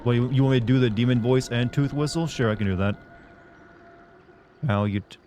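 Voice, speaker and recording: This young streamer has a warm, mid-range voice and talks fairly quickly as he plays a game live. He rambles to his chat with plenty of fillers, and there's slight background noise.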